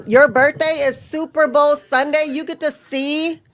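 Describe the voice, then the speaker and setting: A woman's voice: high voice, slow. A woman co-hosting a live stream, chatting casually and teasing her co-host. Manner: teasing, light laughter.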